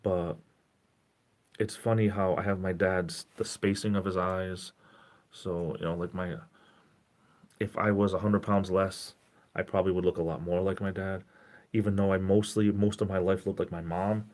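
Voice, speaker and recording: Deep-voiced man rambling on a live stream. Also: level tone, moderate pace. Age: 40s. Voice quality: caring, gentle tone. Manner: rambling, self-interrupting, greets chat viewers. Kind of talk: casual live stream chat.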